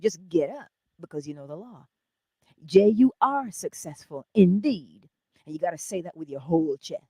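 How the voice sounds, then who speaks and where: A woman hosting a morning inspiration stream, giving an animated motivational talk that moves between loud cheering and soft whispers, laughing often. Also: lowish voice, normal speed, slightly rough, dry recording, studio quality.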